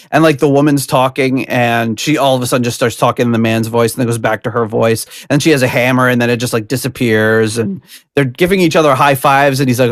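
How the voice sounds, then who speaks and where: A man's voice: mid-range voice, vocal fry, no echo, studio quality. A man hosting a podcast, chatting casually and rambling with laughs and restarts. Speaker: podcast host.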